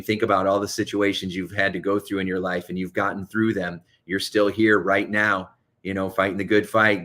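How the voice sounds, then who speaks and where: Fast-talking man giving coaching advice. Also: low-pitched, fairly bright tone. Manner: fast, urgent, coaching delivery. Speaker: hypnotherapist and coach. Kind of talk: motivational self-help talk.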